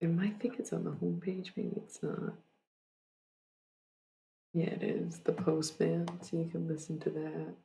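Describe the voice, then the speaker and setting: A streamer with a gravelly, fry-laden voice pitched in the middle range, speaking into a desk mic. The prose is read with slow, deliberate weight. The chat afterwards is soft and rambling, full of "like"s. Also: level tone, a little hiss or hum. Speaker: livestreamer. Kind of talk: reading own prose poem aloud, then casual livestream chat.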